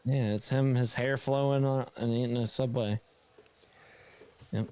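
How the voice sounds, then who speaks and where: A man's voice: medium pitch, fairly even intonation, a little slow, warm tone, clean tone, no echo. A man rambles on in casual, talkative chat, often breaking into laughter. He sounds tired. His mid-range voice is recorded close and dry. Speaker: host of a live stream.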